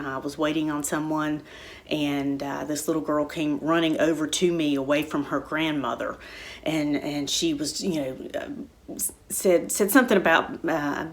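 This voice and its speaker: A middle-aged woman talking in a casual, heartfelt way, with a slightly low voice. She rambles gently and often pauses on fillers and restarts as she tells her own stories. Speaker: spiritual center speaker. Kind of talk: casual personal talk.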